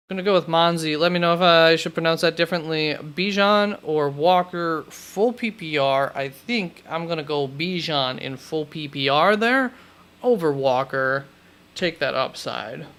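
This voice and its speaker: A man's voice: a little high, fairly bright tone, clean tone. A man hosting a live stream, chatting casually and thinking aloud as he answers questions, often correcting himself mid-thought. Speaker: fantasy football host.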